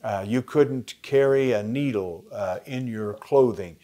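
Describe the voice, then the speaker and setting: A man with an American accent explaining a Bible passage in a conversational lesson, pausing with fillers. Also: medium pitch, dark tone. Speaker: Bible study teacher. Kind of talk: teaching a lesson plan.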